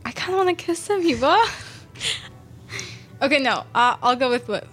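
A woman's voice: high voice, expressive, moderate pace, fairly bright tone. A young woman guest in a casual radio chat, reacting with amusement and frequent giggles.

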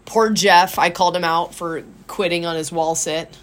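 A woman's voice: on the low side, normal speed. A woman co-hosting a podcast as a gym coach, telling stories in a casual, laughing way from a small office. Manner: laughing, animated storytelling. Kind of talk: casual chat.

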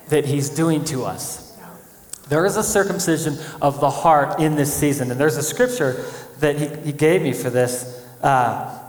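A man preaching a sermon as pastor, animated, acting out quoted voices as he speaks. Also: a little high. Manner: animated, acts out quotes of God and people. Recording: echoey church hall.

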